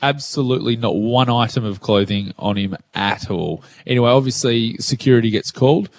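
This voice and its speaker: Radio co-host: laughing, joking Australian man, mid-pitched voice, broadcasting from home. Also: fairly quick, dry recording. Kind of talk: casual chat. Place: living room at home.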